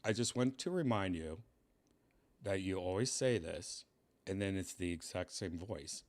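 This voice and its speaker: A man hosting a stream, talking in a deadpan way that trails off quietly. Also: low-pitched, measured pace. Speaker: streamer host. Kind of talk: casual streaming chat.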